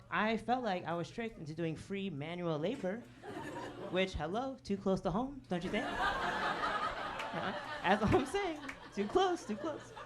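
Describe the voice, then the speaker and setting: A comedian working a club stage with a handheld mic, her voice sitting on the lower side. She keeps checking in with "okay?" and "right?" and laughs along with her own bits. Clear audience laughter rises behind her. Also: noisy background. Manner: chatty, frequent "okay?" and "right?" asides, laughs at own jokes. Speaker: stand-up comedian. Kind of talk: stand-up set.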